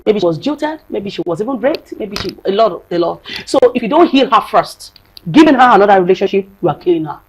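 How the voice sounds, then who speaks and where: A woman's voice: mid-range voice, animated, fast talker, a little hiss or hum, rough recording. A woman, a psychologist and marriage counselor speaking as a guest on a studio talk show, earnest and emphatic, repeating phrases for stress.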